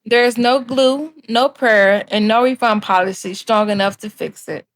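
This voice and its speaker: A woman hosts a scripted commentary segment, talking straight to her audience. Her voice is slightly high, and her delivery is sassy and pointed. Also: normal speed. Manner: sassy, addresses viewers as cousins. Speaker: host.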